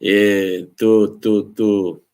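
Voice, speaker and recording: A man's voice: fairly low pitch, very slow, clean tone. A man hosting a casual live stream, chatting loosely with viewers, laughing often and slipping into Bosnian phrases. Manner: relaxed, rambling, laughs often, mixes in Bosnian. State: tired from little sleep.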